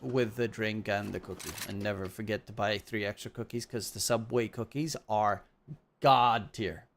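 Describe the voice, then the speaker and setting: A man casting an esports shooter match alone, rambling casually between calls and getting loud on the big plays. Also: fairly low pitch, fairly even intonation, moderate pace, slight background noise. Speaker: esports caster. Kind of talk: solo casting commentary.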